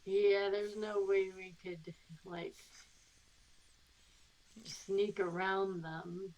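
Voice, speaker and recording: Woman player reasoning out loud. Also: medium pitch, little pitch movement, drawn-out words, low-quality recording. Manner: thinking aloud, hedging with fillers. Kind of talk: casual tabletop play.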